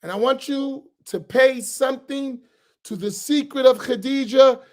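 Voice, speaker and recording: Measured, earnest imam, man. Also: extremely high pitch, darkish tone. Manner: measured, deliberate, repeats key phrases. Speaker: imam on a panel. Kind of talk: earnest advice talk.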